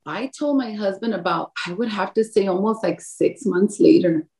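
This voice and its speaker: Her mid-range, mellow voice carries some vocal fry at a normal speed as she shares her faith testimony as a guest. She's an adult, married with a grown son, and she tells the story animatedly, acting out quoted lines and laughing often.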